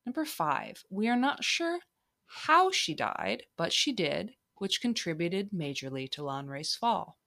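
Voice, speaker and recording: A young woman with a slightly low voice hosts her own podcast in a loose, chatty way. She jokes at her own expense, leaves her slips in and sounds a little tipsy. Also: very animated, takes it slowly, pushed and bright. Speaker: podcast host. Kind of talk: casual solo podcast monologue.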